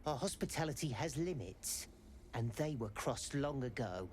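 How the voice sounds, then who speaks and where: A man's voice: medium pitch, animated, normal speed, darkish tone, lightly acted. Man playing a cold guard figure, curt, warning tone, faint background noise.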